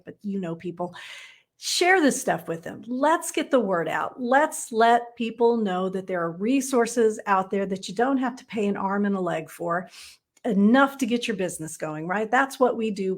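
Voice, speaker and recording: A woman from Texas, teaching counseling supervisors in a casual live stream, chatty and blunt, often tagging "right?" onto her points. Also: mid-range voice. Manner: chatty, frequent "right?" tag questions; blunt, playful asides.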